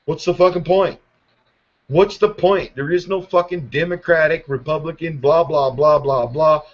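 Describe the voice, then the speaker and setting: A man's voice: on the high side, moderate pace. A man hosting a show, ranting angrily and sarcastically with constant swearing. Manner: angry, heavy swearing, sarcastic. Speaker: podcast host. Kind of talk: profane political rant. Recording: muffled lo-fi audio.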